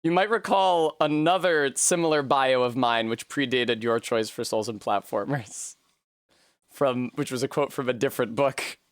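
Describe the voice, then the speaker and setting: A man streaming a game live, animated and swearing freely between bursts of laughter. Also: mid-range voice, normal speed, no room sound, studio quality. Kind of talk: live gameplay commentary.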